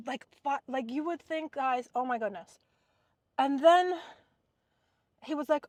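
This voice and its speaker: Brief: lively woman vlogger, slightly high voice, dry close sound, car storytime. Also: measured pace, pauses often, no echo. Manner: animated, acts out quoted people. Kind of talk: casual storytime chat.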